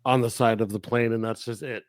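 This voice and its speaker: A man's voice: mid-range voice, level tone, a little fast, dry recording. Laughing man co-hosting a film chat. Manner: laughs often, acts out scenes in funny voices. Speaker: podcast co-host. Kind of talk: casual film review chat.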